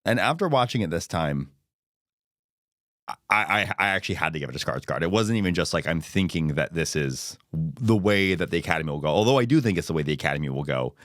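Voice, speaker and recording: A man co-hosting a film podcast, talking casually in animated, quick bursts with frequent restarts. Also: deep voice, no room sound, studio quality. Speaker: podcast co-host.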